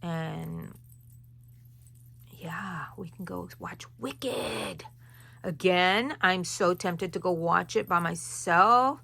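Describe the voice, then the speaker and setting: A woman's voice: fairly low pitch, lively intonation, very slow, vocal fry, pushed and bright. A woman hosting a crochet tutorial, talking viewers through each stitch in a casual, rambling way with chatty asides. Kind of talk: casual step-by-step tutorial chat.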